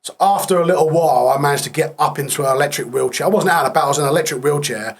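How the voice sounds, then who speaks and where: A man's voice: on the high side, racing, husky. A man in his thirties, a podcast guest, recounting a war injury in plain-spoken, subdued casual talk that trails off in places.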